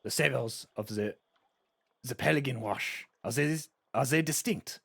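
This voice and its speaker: A man voicing an excitable elderly chef, using a deliberately bad fake French accent. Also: medium pitch, vocal fry, husky, no room sound, pitched above the performer's own voice, full character voice. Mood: excited. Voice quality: hammy, over-the-top accent. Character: excitable elderly male undersea chef, babbling.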